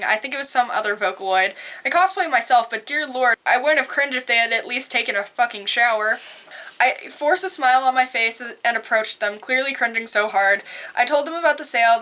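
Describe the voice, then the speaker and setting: A young woman reads posts aloud with an animated, blunt delivery and casual swearing. Her voice is bright and fairly high, with a crisp, forceful edge. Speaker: cosplayer reading posts aloud. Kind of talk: casual read-aloud and reaction.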